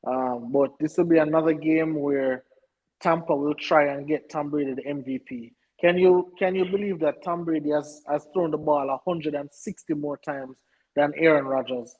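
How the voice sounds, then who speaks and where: A man's voice: a little high, fairly even intonation, normal speed, lo-fi sound. A man co-hosting a sports talk show, arguing his points emphatically and insistently. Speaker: sports podcast co-host. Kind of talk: casual sports debate.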